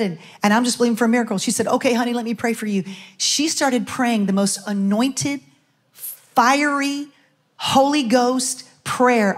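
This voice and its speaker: A middle-aged woman pastor, preaching a sermon and telling a personal story with chatty asides to the congregation. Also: a little high. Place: church sanctuary.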